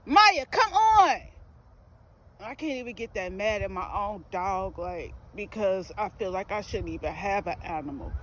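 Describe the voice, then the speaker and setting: A woman's voice: medium pitch, normal speed, hardly any pauses, poor audio. A woman talking earnestly and emotionally in a casual vlog, with fillers and restarts, filmed outdoors on a phone. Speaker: vlogger. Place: outdoors near a residential field.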